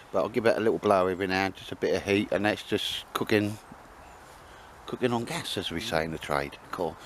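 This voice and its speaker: A man's voice: low-pitched, expressive, normal speed, a bit bright, a little hiss or hum. A man chatting casually to the camera while cooking outdoors, rambling and bantering with lots of tag questions. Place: outdoors in woodland.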